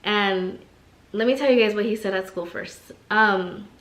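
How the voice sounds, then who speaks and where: Young woman, chatty vlogger, mid-pitch, lots of "like" fillers, roomy echo. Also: a little slow, fairly bright tone. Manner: chatty, storytelling, many "like" fillers. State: pregnant. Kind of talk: casual pregnancy update vlog. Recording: echoey room.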